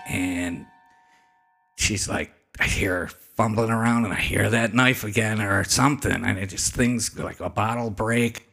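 A man hosting a podcast, telling a story in animated, casual fashion with frequent swearing. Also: on the low side. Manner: animated, swears freely, hushes for quoted whispers. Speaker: podcast host.

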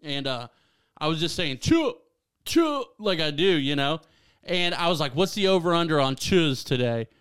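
Young male podcast co-host, excitable and laughing a lot, somewhat high, smooth clear voice. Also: normal speed. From Ohio. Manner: excitable, laughs often, says dude and man a lot. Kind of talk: casual chat.

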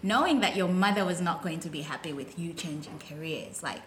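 A woman's voice: fairly low pitch, brisk, fairly bright tone. A woman hosting a podcast interview, upbeat and enthusiastic, asking friendly questions. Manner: enthusiastic, lots of "awesome". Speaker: podcast host. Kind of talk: casual interview. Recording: roomy echo, faint noise.

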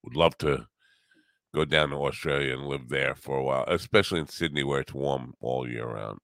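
A man's voice: rumbling low, a little fast, creaky, a bit bright, no room sound. A middle-aged man hosting a solo morning chat show, rambling with wry, teasing humor. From US Northeast. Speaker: podcast host.

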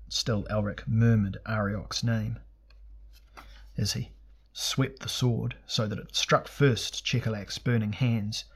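A man narrating a fantasy audiobook in a steady, measured, dramatic reading. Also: lowish voice, slightly rough.

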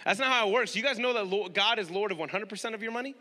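A pastor preaching a sermon, emphatic and direct, who repeats key phrases and puts questions to the congregation. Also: male voice, high-pitched, rapid-fire, bright, forceful tone, in a large hall.

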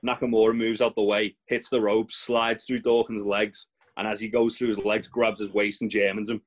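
A man's voice: on the low side, flat delivery, normal speed. Sweary man recapping wrestling. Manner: sweary, rambling recap with fillers. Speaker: podcast co-host.

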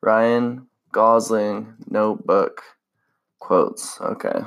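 A man's voice: fairly low pitch, fairly even intonation, very slow, vocal fry, a bit bright. A young man hosting a casual solo podcast, rambling in a laid-back way with lots of slang and fillers. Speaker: podcast host.

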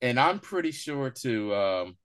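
A man co-hosting a casual movie review podcast, animated and laughing often, acting out lines in high voices. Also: measured pace, clear, resonant tone. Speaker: podcast co-host.

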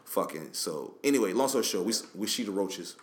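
A man co-hosting a podcast, telling a long story in casual, profane, animated chat. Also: fairly low pitch, brisk. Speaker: podcast co-host.

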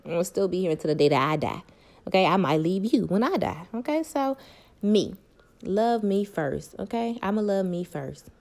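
A woman's voice: medium pitch, expressive, moderate pace, darkish tone. A young woman, talking candidly and emphatically to her viewers about her love life and self-worth, repeating points for stress. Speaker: vlogger.

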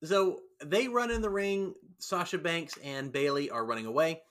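Bright, lively-pitched man recapping casually. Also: moderate pace. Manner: animated storyteller, acts out quotes. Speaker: podcast host recapping wrestling. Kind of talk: casual chat.

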